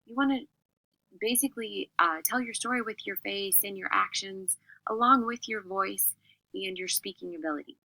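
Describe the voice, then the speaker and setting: Bright, crisp teacher woman. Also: medium pitch, moderate pace, low-quality recording. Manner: clear, expressive, emphatic delivery. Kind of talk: classroom lesson on public speaking.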